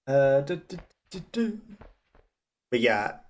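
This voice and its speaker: A man's voice: mid-range voice, sing-song, takes it slowly. A man with a Black Country accent giving chatty, self-deprecating commentary while playing a game and laughing often. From West Midlands, England. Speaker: gamer. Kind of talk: let's play commentary.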